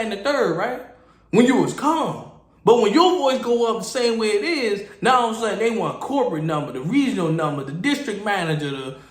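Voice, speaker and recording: High-voiced man telling animated stories. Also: reverberant. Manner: animated storytelling, mimicking people. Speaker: podcast host, security guard. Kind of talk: casual podcast monologue.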